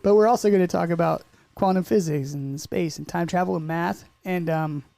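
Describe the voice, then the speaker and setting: Man, podcast co-host, casual chat, rambling, jokey, fairly high voice. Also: creaky, mellow, no echo. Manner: rambling, jokey, quick to put on silly voices.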